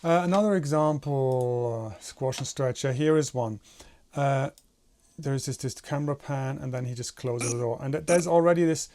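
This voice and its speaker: A man's voice: medium pitch, normal speed, warm tone. A man teaching animation in a tutorial, explaining step by step and demonstrating with his own head and hands. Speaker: animation instructor.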